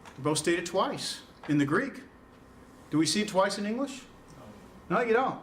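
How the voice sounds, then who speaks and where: His voice is high and a bit bright, with a sing-song lilt and a moderate pace. This male Greek teacher lectures informally, peppering his explanations with fillers and quizzing his students, all captured on a faraway mic with faint noise.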